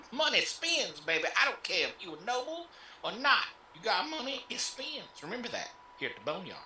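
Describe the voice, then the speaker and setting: A flamboyant pimp who runs the house, as a player puts him on, drawling and smooth, calling everyone baby. The voice swoops up and down with a bright edge. An echoey room rings behind it. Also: mid-range voice, wildly swooping pitch, moderate pace, a little hiss or hum, pitched above the performer's own voice, heavily acted. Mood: sly. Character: flamboyant male pimp tavern owner.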